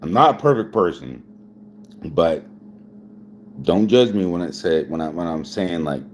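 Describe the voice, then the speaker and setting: A man in his forties talks casually to his live-stream viewers in a very low voice that swings widely up and down. He rambles, stumbles over repeated words and laughs often, loosened up by whiskey. A faint hum of noise sits behind him. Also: lively intonation, unhurried, a little mellow. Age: 40s. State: drinking whiskey while talking.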